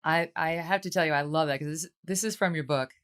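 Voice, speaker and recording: A woman's voice: deep voice, quick pace, a bit bright. A woman hosting an interview, asking conversational, emotionally engaged questions. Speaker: talk show host.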